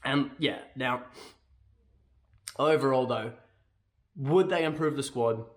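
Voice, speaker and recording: A young man with an Australian accent talks through his football opinions in a loose, casual vlog. He wanders, restarts his sentences and keeps checking in with a quick "right?". His pitch sits in an ordinary middle range for a man. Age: young adult. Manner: rambling, self-correcting, keeps asking "right?". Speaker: football fan vlogger.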